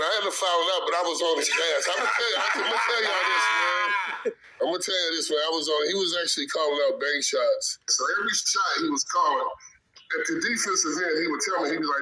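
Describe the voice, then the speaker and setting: A man's voice: a little high, brisk, pushed and bright, a little hiss or hum, low-quality recording. A man from Indiana, a former pro basketball player, telling a loose, laughing story in casual slang during an interview. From Indiana, USA.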